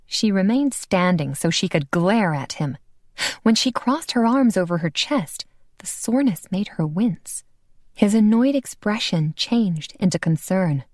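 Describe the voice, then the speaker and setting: A woman narrating a paranormal romance audiobook in an expressive, lively reading. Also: mid-range voice, a little slow, dry recording, studio quality. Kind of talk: scripted narration.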